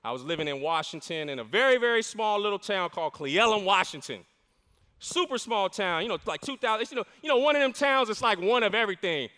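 A man's voice: sits high, expressive, fast talker, bright, forceful tone. A middle-aged man preaching a sermon as pastor, with fervent, emphatic delivery and call-and-response with the congregation. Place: large church sanctuary. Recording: long reverb of a large church hall.

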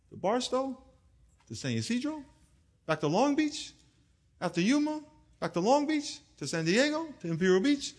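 A middle-aged male pastor preaching a sermon in an animated, humorous way, calling on the congregation to answer back. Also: extremely high pitch, slightly rough.

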